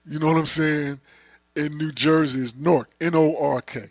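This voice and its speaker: A man's voice: fairly high pitch, steady tone, normal speed, fairly bright tone, dry recording. A man from Philadelphia with a Philly accent co-hosting a casual podcast chat, laid-back and joking. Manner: laid-back, joking, fills with "you know what I'm saying". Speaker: co-host.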